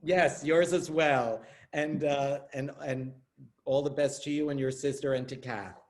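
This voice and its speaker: A man's voice: medium pitch, fairly even intonation, measured pace, darkish tone. Male host, earnest, effusive, online talk show, video call sound. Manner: earnest, gushing, effusive thanks.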